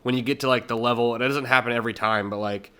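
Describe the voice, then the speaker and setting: A man's voice: mid-range voice, steady tone, rapid-fire, bright, forceful tone, clean tone. A man co-hosting a podcast, talking hesitantly in casual chat with many fillers and restarts. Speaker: podcast co-host.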